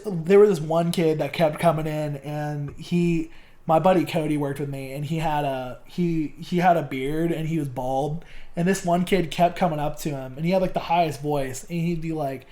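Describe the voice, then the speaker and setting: A man's voice: on the high side, moderate pace, dark tone. Rambling young man, casual chat. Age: young adult. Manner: rambling, loaded with fillers like "like" and swearing. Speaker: podcast guest.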